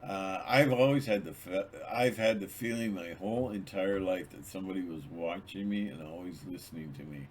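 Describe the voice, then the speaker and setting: A man's voice: deep voice, moderate pace, hardly any pauses, husky. A man hosting his own channel, talking in a rambling, digressive monologue with many restarts. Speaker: channel host.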